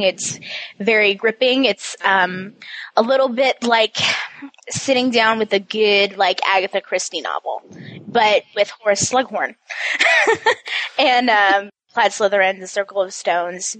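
A woman's voice: mid-range voice, fairly bright tone, dry recording, rough recording. A woman co-hosting a podcast, chatting casually with self-mocking humor and eager recommendations. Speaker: podcast co-host.

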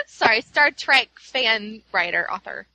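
A woman's voice: fairly high pitch, sharp tone, rough recording. A woman co-hosting a casual chat, joking and playfully quoting lines. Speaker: co-host.

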